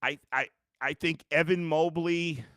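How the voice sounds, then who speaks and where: A man's voice: fairly high pitch, steady tone, measured pace, fairly bright tone, dry recording. Guy hosting a live sports reaction stream, fed up and cussing, dry close sound. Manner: exasperated, blunt, profane, reads fan comments aloud. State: worn out and frustrated. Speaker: sports podcast host.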